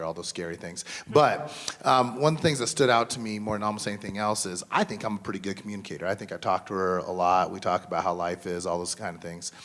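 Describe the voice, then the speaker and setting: A man in his thirties or forties speaking on a school mental health panel in a slightly low voice. He talks in an earnest, conversational way, full of "um"s and restarts as he works through his points. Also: a bit bright. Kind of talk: symposium panel talk. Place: school event.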